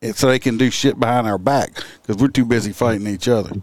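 A man's voice: mid-range voice, fast, no room sound. A man in his forties with an ordinary mid-range voice, easygoing and loose, swearing freely as he tells stories. The recording is close and dry. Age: 40s. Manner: laid-back, swearing, laughing storyteller. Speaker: podcast host. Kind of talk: casual conversation.

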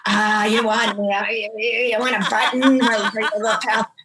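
A brusque wedding chapel clerk, put on by a woman retelling a story, reeling off extra charges one after another in a clipped, businesslike way. The voice sits at an ordinary middle pitch and carries a roomy echo. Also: little pitch movement, a little slow, a bit bright, slight background noise, natural voice.

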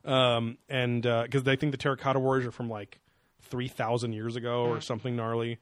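A man's voice: medium pitch, little pitch movement, fairly quick, no echo, clean studio sound. A man co-hosting a podcast, mocking a TV show in a sarcastic, profane, rambling way. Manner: sarcastic and profane, with many fillers. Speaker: podcast co-host. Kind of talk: casual chat reviewing a TV show.

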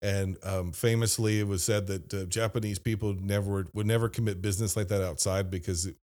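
A man's voice: fairly low pitch, steady tone, fairly quick, darkish tone. A man from Ohio hosting a casual movie-review podcast, laughing often and mimicking lines from films. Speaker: podcast host.

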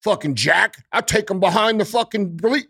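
A man's voice: high-pitched, normal speed, vocal fry, sharp tone, breathy edge, no echo, studio quality. A man hosting a podcast, ranting with heavy swearing and repeated rhetorical questions. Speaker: podcast host. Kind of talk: profane political rant.

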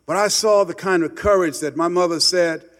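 A man from Miami giving an impassioned motivational speech, repeating words for emphasis and dropping to a hush for stories. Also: high voice, normal speed, big-room sound. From Miami, United States. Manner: emphatic, repeats words, swings from loud to hushed storytelling. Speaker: motivational speaker.

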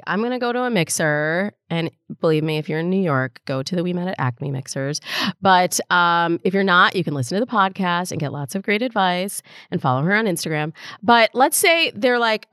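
A woman's voice: lowish voice, bright, forceful tone, clear, resonant tone, no echo, clean studio sound. A woman hosting a podcast in casual conversation, chatty with lots of fillers and easy laughter. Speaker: podcast host.

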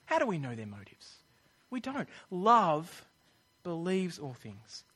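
A man's voice: high voice, huge pitch swings, takes it slowly, pushed and bright, breathy edge. A man preaching a sermon in an earnest, conversational way. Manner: earnest, conversational, acts out quoted voices.

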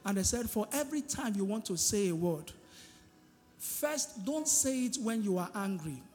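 A pastor preaches in a fairly high voice that carries through a reverberant church hall. He keeps pulling the congregation in with questions and pauses for their answers. Soft music sits quietly behind him. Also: expressive. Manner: call-and-response preaching, asking the congregation "what?". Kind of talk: sermon.

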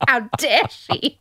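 A woman podcast host recapping a reality show in animated casual chat, laughing often.

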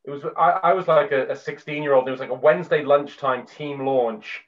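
A man's voice: mid-range voice, fairly quick, far from the mic. A male host asks rambling, self-correcting questions in a casual chat. He sits away from the microphone. The sound is dull and muffled.

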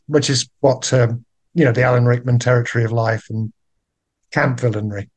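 An older man with a British accent, a guest actor chatting in a relaxed, wry, self-deprecating way. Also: moderate pace. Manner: genial, wry, self-deprecating, with lively pitch jumps. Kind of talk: relaxed podcast chat.

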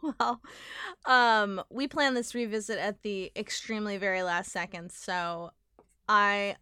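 Bright-voiced enthusiastic woman podcaster. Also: mid-range voice, steady tone, unhurried, smooth, no room sound, studio quality. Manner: chatty, enthusiastic, laughing often. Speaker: podcast co-host; parent. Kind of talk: casual chat.

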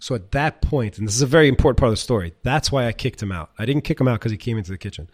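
A man's voice: medium pitch, rapid-fire, no room sound, clean studio sound. A middle-aged man, a chef and restaurant owner, telling rambling stories in a casual interview, full of fillers and the odd curse. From United States. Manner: rambling, animated, swears, many fillers.

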